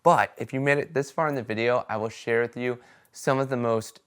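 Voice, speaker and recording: A man chatting casually to camera about his experiences, telling stories in an animated way and often checking in with "right?" and "okay?". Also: mid-range voice, a little fast, clear, resonant tone. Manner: animated storytelling, acts out quoted voices; conversational fillers like "right?" and "okay?". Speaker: vlogger sharing experiences.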